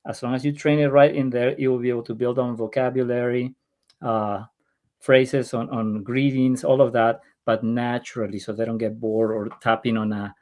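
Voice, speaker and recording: A man's voice: medium pitch, level tone, moderate pace. Male guest from Peru, eager conversational tone, occasional stumbles. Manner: warm, enthusiastic, some stumbles. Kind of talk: casual conversation.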